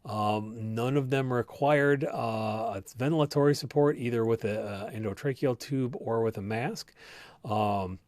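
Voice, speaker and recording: A man's voice: medium pitch, a little slow, darkish tone, no echo. Man explaining health research. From United States. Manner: conversational, explanatory, many fillers and restarts. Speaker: host and clinician. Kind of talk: live-stream health talk, reading viewer comments.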